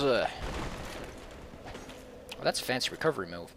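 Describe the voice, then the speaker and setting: A let's play host giving joking gameplay commentary, animated and goofy, switching between loud outbursts and mumbling. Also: deep voice, normal speed, pauses often.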